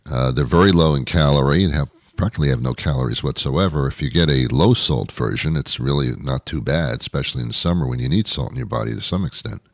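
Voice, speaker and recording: A man's voice: very deep voice, expressive, quick pace, creaky, hardly any pauses, no echo. A man hosting his own show, delivering a rambling, sarcastic comedic monologue with many self-corrections. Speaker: podcast host.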